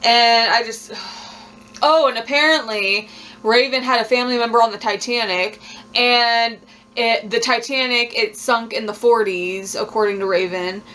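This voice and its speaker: A woman's voice: fairly high pitch, steady tone, unhurried, bright, forceful tone. A young woman, recapping a reality show in a blunt, sassy, laughing way. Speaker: vlogger.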